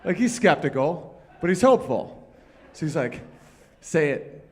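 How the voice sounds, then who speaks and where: A man's voice: on the high side, sing-song, normal speed. A man doing stand-up comedy on a live stage, talking with the crowd and rambling through loose, profane stories.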